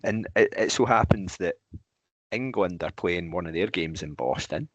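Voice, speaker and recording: Deep husky Scottish podcast host. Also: male voice, moderate pace, dry recording, highs cut off. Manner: chatty, jokey, teasing. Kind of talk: casual podcast chat.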